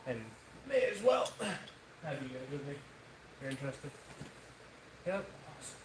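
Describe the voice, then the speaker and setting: A man's voice: mid-range voice, very animated, normal speed, distant mic, background noise. Chatty man streaming in an echoey room. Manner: chatty, thanks viewers between practice throws. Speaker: livestream host. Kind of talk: casual live-stream chat.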